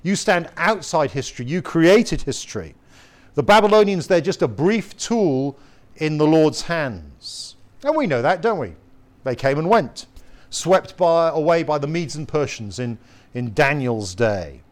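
A man preaching a sermon in an earnest, emphatic way, asking his listeners rhetorical questions and slowing down to read scripture. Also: on the high side, lively intonation. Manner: slows down to read scripture quotes.

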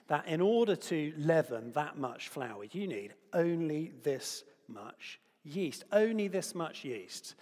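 A man's voice: on the high side, husky. Man preaching in a reverberant church. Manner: lively, playful asides, uses props. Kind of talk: sermon. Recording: long hall reverb.

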